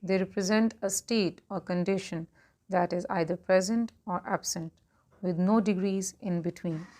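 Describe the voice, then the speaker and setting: A woman's voice: fairly low pitch, fairly even intonation, a little mellow. Woman teaching an English grammar lesson. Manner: clear, measured explaining with listed examples.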